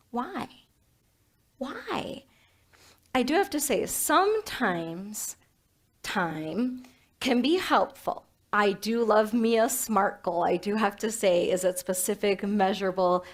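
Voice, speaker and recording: A woman minister giving a sermon in a playful, animated way, with self-mocking humor. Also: a little high, unhurried.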